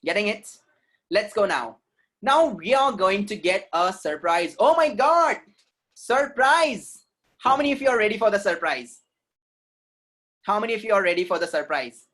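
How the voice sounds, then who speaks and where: A man, teaching an online pronunciation class. He is lively and drills words by saying them again and again. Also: sits high, normal speed. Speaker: communication trainer.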